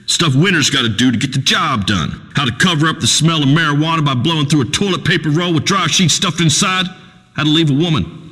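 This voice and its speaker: A swaggering redneck radio host. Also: male voice, fairly high pitch, big-room sound. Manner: loud folksy swaggering rant, Southern drawl. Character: crude boastful male redneck talk show host. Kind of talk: comedic radio show in a video game.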